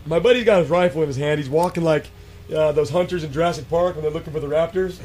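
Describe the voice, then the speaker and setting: Animated storytelling man, slightly high voice. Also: fast talker, a little hiss or hum. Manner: animated, acts out quotes, many fillers and restarts. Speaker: guest telling an encounter story. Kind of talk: casual storytelling on a radio show.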